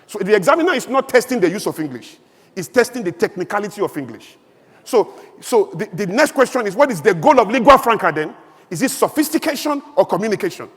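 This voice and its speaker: Nigerian man, conference speaker, high voice, emphatic oratory, long hall reverb. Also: quick pace, slightly rough. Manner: emphatic, animated oratory with rhetorical questions. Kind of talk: public speech.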